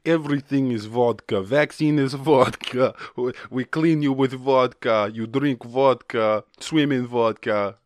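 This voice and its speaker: A man's voice: medium pitch, a little slow, few pauses, no echo, studio quality, voice pushed up, lightly acted. A man putting on a boastful Russian-accented guy. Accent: Russian, put on. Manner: deadpan broken English, boasting. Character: boastful proud Russian man, broken English.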